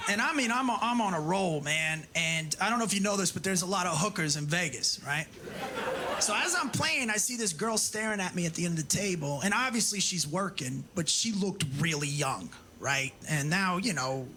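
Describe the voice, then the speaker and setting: A man's voice: on the high side, expressive, fairly quick, background noise. A man doing a stand-up comedy set, telling profane stories and acting out the dialogue himself. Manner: profane, storytelling, acts out dialogue. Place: comedy club stage.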